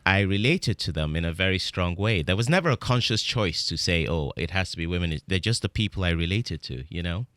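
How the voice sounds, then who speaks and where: A middle-aged British man with a very low voice, chatting reflectively as an interview guest. He restarts his sentences often and leans on "you know." The sound is close and dry, with no room echo. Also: lively intonation, fairly quick, few pauses, a bit bright. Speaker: guest actor. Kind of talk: casual interview chat.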